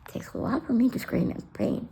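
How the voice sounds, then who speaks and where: A woman telling an emotional personal story bluntly, swearing and acting out the dialogue with sudden loud outbursts. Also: a little fast, in a whisper. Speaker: storyteller sharing her life.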